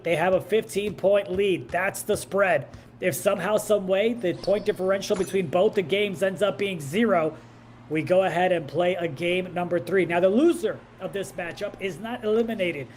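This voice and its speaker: High-voiced male play-by-play caller. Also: a little hiss or hum. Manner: energetic, rises to shouts on big plays. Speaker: play-by-play commentator. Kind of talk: live play-by-play commentary.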